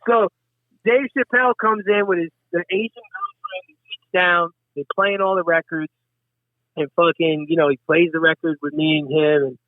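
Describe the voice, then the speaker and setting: A middle-aged man from Westchester, New York, a hip hop artist appearing as a guest, tells stories in casual chat, swearing freely and acting out what others said with animated energy. His voice is fairly high and moves at a normal speed. The recording is dry with no echo and has a tinny, phone-like quality.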